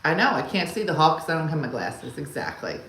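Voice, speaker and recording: Speaking a little fast in a low voice with big pitch swings, a woman runs a casual comedy livestream from home. She responds to viewer comments and spins wry, exasperated tales about her partner, doing loud impressions of her husband, in an echoey room with a faint hum.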